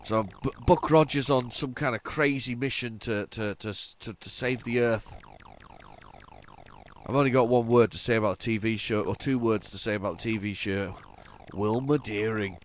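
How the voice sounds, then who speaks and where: A man's voice: fairly low pitch, moderate pace, slight background noise. A congested man hosting a retro gaming show, giving rambling, chatty commentary with lots of restarts and repeated words. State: congested, stuffy nose. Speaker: retro gaming channel host. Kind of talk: casual gameplay commentary.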